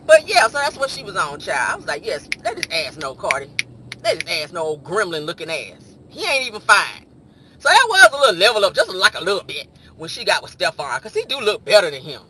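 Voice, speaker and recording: A man with a high, very bright voice dishes celebrity gossip in a sassy, animated way. He leans into mock voices and punchy asides, talking straight to his audience like a host catching up with regulars. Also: breathy edge. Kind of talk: casual gossip commentary.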